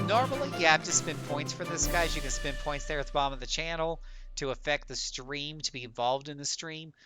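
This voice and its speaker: A man giving chatty live gameplay commentary as a streamer, talking straight to his viewers and jumping into high playful tones. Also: bright, forceful tone. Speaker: game streamer.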